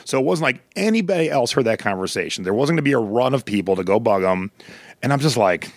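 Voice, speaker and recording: A man's voice: medium pitch, fast talker. A middle-aged man co-hosting a podcast, telling stories in casual chat and acting out the people in them. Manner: storytelling, animated quoted voices. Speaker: podcast co-host.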